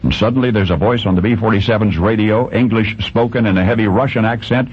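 A man telling a story in scripted radio narration, dramatic and deliberate, with long pauses and big swings up and down in pitch. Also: husky. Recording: dull lo-fi radio recording.

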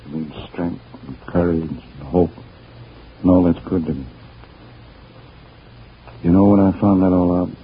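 Max, a deep-voiced tough guy. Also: a little slow, long pauses, slight background noise. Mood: tender. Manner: slangy, plain tough-guy talk. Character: tough-talking man back from jail, tender with his sweetheart. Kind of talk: 1930s radio drama acting. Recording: dull lo-fi old radio recording.

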